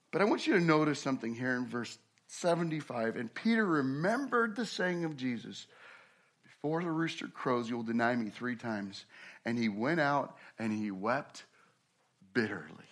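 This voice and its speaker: Bright-voiced man preaching with dramatic swings. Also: a little high. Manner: dramatic preaching, acts out quoted voices, swings from hushed to loud. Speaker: pastor. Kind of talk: sermon.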